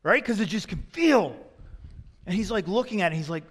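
High-voiced male preacher in a reverberant hall. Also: animated, brisk. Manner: conversational storytelling, swinging between loud emphasis and hushed asides. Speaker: pastor. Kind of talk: sermon. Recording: long reverb of a large hall.

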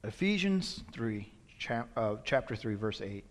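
A male pastor preaching a sermon, telling a story that moves from hushed to loud. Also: lowish voice, big pitch swings, measured pace, hardly any pauses. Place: church sanctuary. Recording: long reverb in a church hall.

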